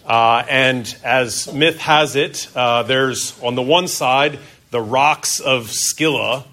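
A middle-aged man preaching a sermon as pastor, conversational, asking his listeners questions and often pausing on "uh". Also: mid-range voice, sharp tone. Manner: conversational, asks the congregation questions.

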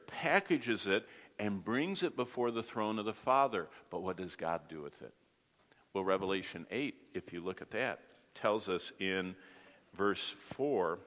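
Low-voiced man teaching Bible class. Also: pushed and bright, in a large hall. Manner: explains with everyday comparisons, asks the class questions. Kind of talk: Bible study lesson.

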